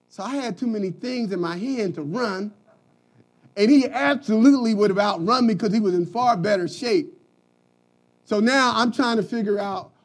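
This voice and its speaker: A middle-aged man from Philadelphia preaching a sermon, building to shouted emphasis. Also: sits high.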